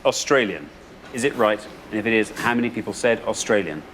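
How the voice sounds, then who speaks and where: A man with an English accent hosting a quiz show, brisk and upbeat, building suspense before each reveal. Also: on the low side, expressive. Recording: studio audience and background noise.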